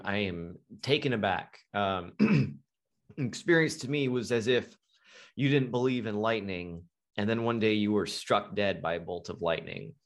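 A middle-aged man with a fairly low voice recounts a story as a guest hypnotherapist. He speaks with animated emphasis and often restarts his sentences. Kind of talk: storytelling in a conversation.

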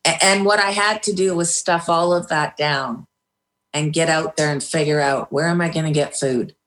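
A woman's voice: low voice, fairly even intonation, normal speed, fairly bright tone. A middle-aged woman, a guest in an interview, recounting a hard time candidly and with feeling, with some hesitant restarts. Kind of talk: personal storytelling in an interview.

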